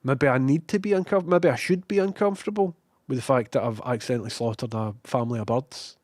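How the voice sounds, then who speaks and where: A young adult Scottish man rambles through a casual livestream, reading viewers' chat and cursing freely at himself. His voice sits at an ordinary pitch for a man. The sound is dry and close. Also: quick pace, no echo. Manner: sweary, self-mocking, animated.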